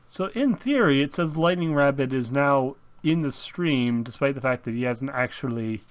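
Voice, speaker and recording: A man's voice: mid-range voice, lively intonation, moderate pace, no room sound. A man hosting a casual chat show, talking in a playful put-on Minnesotan accent with many fillers. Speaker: podcast host.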